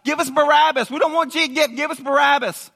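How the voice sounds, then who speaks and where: A loud, shrill mob chants its demand over and over, as a preacher acts it out. The voice jumps high above his speaking range and is pushed hard, bright and cutting. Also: steady tone, quick pace, vocal fry, heavily acted. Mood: shouting. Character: shouting angry crowd demanding a prisoner.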